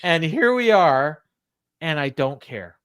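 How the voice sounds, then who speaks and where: A man co-hosting a wrestling recap podcast in casual chat, laughing often and filling pauses with "uh". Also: on the high side, sing-song, a bit bright, clear, resonant tone, no room sound, studio quality. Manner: chatty, laughs often, many fillers. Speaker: podcast co-host.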